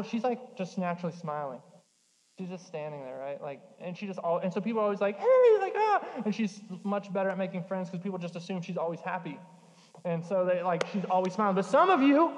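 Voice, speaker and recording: High-voiced young pastor in an echoing hall. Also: male voice. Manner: storytelling, animated, jokey asides. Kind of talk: sermon. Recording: dull sound in a large reverberant hall.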